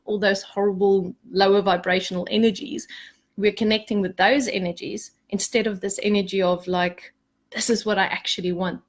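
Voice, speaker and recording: A woman leading a spiritual group in a chatty, animated way, often asking "okay?", later turning soft and hushed for a meditation. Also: medium pitch. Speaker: spiritual coach. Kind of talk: casual spiritual talk to a group.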